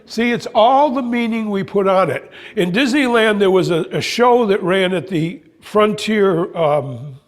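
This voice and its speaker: A man giving a spiritual talk to an audience, telling playful stories with pauses and restarts. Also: high voice, expressive. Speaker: speaker.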